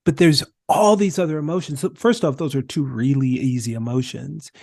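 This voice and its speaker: A man speaking as a podcast guest, telling stories in an emphatic, animated way. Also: mid-range voice, a little fast, creaky, no room sound, studio quality. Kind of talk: conversational discussion.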